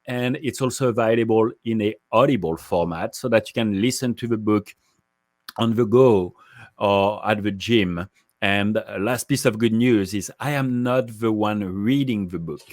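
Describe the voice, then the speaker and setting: A man speaking as a podcast guest, measured and articulate as he explains his views. His voice sits low. The sound is close and dry. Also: no echo. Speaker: guest, market research executive. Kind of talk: interview answers.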